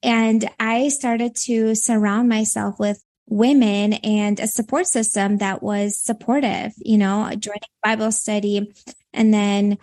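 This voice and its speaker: A woman's voice: medium pitch, little pitch movement, a little slow, darkish tone. A woman in her thirties with a Minnesota accent, born in Latvia, speaking as a guest coach in a podcast interview and rambling with many fillers.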